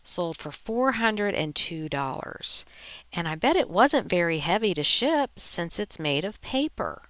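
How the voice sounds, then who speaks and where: A woman hosts a casual reselling show, reading viewer posts aloud and adding her own chatty asides. Her voice sits fairly low and moves at an unhurried pace. It comes through smooth and clear, recorded dry and close with no room sound. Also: sing-song, fairly bright tone, no echo. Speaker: reselling channel host.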